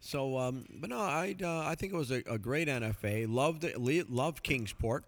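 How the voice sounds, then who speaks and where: A man's voice: mid-range voice, expressive, moderate pace. Hesitant man chatting on a podcast. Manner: hesitant, heavy on fillers like "you know" and "um". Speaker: podcast co-host and event announcer. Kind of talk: casual chat.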